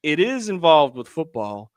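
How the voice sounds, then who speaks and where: A man co-hosting a casual sports podcast, animated and often exasperated. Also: on the high side, normal speed, smooth, no room sound, clean studio sound. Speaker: podcast co-host.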